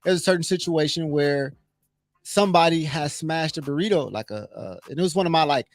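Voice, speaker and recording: A man from Inglewood, California, with a high-pitched voice, tells a personal story in a relaxed conversation. He is animated and swears freely, acting out other people's lines as he goes. The recording is dry and close. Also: a little fast, no echo. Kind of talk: casual storytelling chat.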